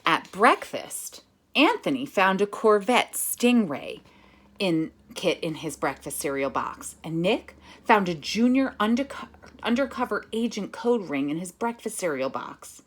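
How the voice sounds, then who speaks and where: A woman music teacher reading a picture book aloud to children, chanting words in a steady rhythm and giving patient, step-by-step instructions. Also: medium pitch, measured pace, slightly rough.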